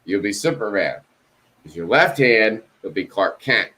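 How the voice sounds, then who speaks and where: A man's voice: fairly low pitch, animated, unhurried, bright, forceful tone. A man in a casual video-call chat, telling a story with lots of swearing and acting out both sides of phone calls. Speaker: co-host.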